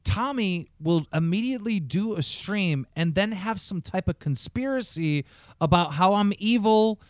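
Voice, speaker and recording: A man on a podcast mic, talking in a slightly high voice with a very dry, close sound. He rants and swears freely, heated and restless. It is loose, casual podcast chat. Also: lively intonation, measured pace, dry recording. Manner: ranting, profane, heated. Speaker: podcast host.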